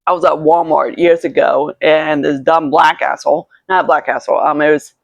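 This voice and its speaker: A woman's voice: sits low, fairly even intonation, moderate pace, creaky, dry recording. A woman chatting casually while doing her makeup, rambling through a story with lots of swearing and restarts. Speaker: beauty vlogger. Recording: dull lo-fi, dry sound.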